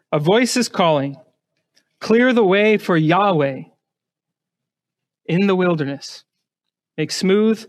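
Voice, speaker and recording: High-voiced man preaching a sermon. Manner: emphatic, asks the congregation rhetorical questions; repeats words when starting a phrase. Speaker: pastor.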